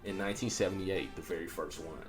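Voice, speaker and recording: Low-voiced man swearing through a podcast chat. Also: fast talker, soft background music. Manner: profane, excitable storyteller. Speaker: podcast host. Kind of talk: casual chat.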